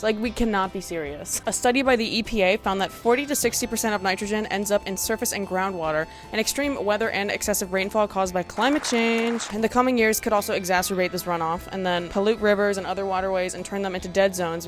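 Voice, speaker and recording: A young woman from the United States ranting about lawns in a passionate, exasperated vlog, swearing and laughing at herself. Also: mid-range voice. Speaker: video essay creator.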